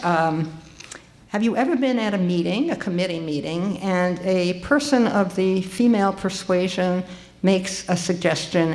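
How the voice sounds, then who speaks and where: An older woman with a voice on the low side addresses an audience in a conference hall. Her talk is animated and chatty, with frequent ums and restarts along the way.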